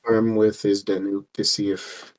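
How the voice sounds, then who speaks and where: A man playing a tabletop game, speaking in a measured, thoughtful way. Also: on the low side, level tone, a crowd in the background. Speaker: player.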